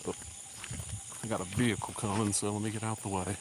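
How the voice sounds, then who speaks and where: A vlogger with a Southern accent walks a country road, rambling casually through a live-stream chat and sounding a little out of breath. His voice is on the low side with little pitch movement and a fairly quick pace, and crickets and insects fill the noisy background.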